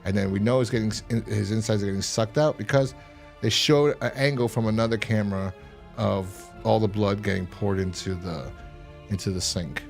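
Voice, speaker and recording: A man co-hosting a podcast, casually recapping a horror episode with lots of restarts and sudden loud mock voices. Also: on the low side, fairly quick, vocal fry, faint music behind. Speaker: podcast co-host.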